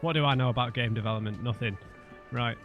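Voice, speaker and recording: Gravelly-voiced casual gamer. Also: male voice, mid-range voice, fast, lo-fi sound, faint music behind. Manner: chatty, joking, reads dialogue aloud. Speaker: let's play host. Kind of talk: casual gameplay commentary.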